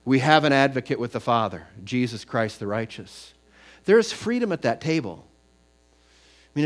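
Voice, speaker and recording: A man's voice: mid-range voice, very animated, measured pace, pauses often. A middle-aged man preaching a sermon, moving between conversational storytelling and emphatic scripture reading. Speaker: pastor.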